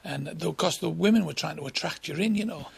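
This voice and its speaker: Bawdy comedian in his sixties, husky and fairly high-voiced, spins blunt anecdotes. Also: fast talker. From England. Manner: blunt, bawdy, chuckling raconteur. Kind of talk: anecdotal storytelling in an interview.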